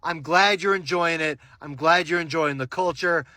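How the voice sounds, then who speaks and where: An enthusiastic American man gushes in casual commentary, his voice pitched high and bright. He swears loosely and piles on praise. The sound is dry and close. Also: moderate pace, no room sound. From United States. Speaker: social media commentator.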